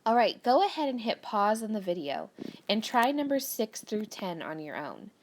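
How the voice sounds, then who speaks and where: Woman teacher going over a grammar worksheet with kids, lots of ups and downs in her voice, patient and clear. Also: mid-range voice, very animated, normal speed, a little hiss or hum. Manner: clear, patient, walks through worksheet aloud. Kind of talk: recorded grammar lesson for children.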